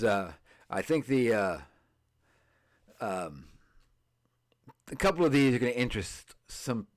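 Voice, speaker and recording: Man, podcast host, casual rules chat, halting, lots of fillers and restarts. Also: medium pitch. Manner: halting, many fillers and restarts, stumbles over words. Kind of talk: casual tabletop game rules chat, reading rules aloud. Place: streamed podcast setup.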